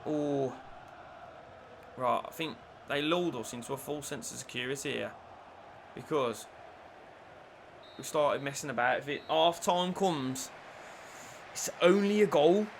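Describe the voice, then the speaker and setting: A man commentating on his own football video game play, shifting between low muttering and shouted excitement. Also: measured pace, pauses often, noisy background. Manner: lively, swings from low mutters to shouted celebrations. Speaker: gaming YouTuber.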